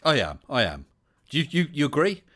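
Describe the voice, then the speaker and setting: A man's voice: on the high side, wildly swooping pitch, a little fast, bright, forceful tone. A man with an English West Country accent hosting a casual livestream chat, chatty and welcoming, with many fillers. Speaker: livestream host.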